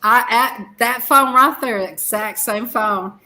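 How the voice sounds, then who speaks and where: A woman's voice: on the high side, slow, bright, forceful tone. A woman telling family anecdotes in casual chat, laughing as she goes.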